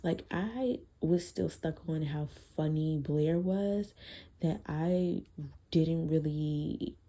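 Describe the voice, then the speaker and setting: A woman casually reviewing a book series in a chatty, profane, animated way. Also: sits low, slow.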